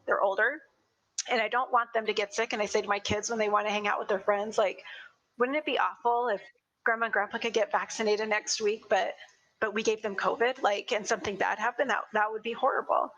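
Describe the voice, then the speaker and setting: Emotional, earnest woman, bright voice. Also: fairly high pitch, poor audio. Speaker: school board president. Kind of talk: virtual board meeting remarks. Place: home. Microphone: video call.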